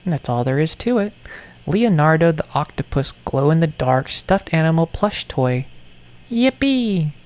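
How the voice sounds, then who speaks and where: A man's voice: on the high side, lively intonation, moderate pace. A man rambling through a vlog monologue about his toys, joking like a villain and trailing off into mumbles. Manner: playfully menacing, meandering, self-mocking villain talk. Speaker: toy vlogger.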